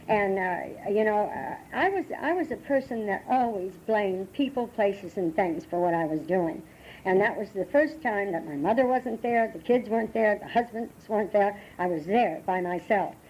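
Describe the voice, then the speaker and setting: An older American woman sharing her recovery story at a meeting, halting and emotional, with many restarts, on a dull lo-fi tape from the 1980s. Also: mid-range voice, expressive, a little mellow, slight background noise. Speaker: AA meeting speaker. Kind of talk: personal recovery talk.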